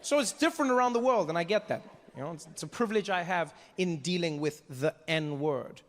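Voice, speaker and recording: A man from South Africa doing a lively stand-up comedy set in a live venue, breaking into voices of other people. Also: on the high side, fairly quick. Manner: animated, jumps into voices of others. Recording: echoey hall, faint background.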